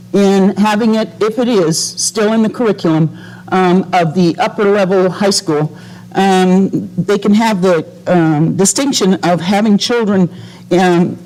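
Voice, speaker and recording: A woman speaking during public comment at a school board meeting, emotional and accusatory, pausing often with ums as she makes her case. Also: mid-range voice, a little mellow, rough recording.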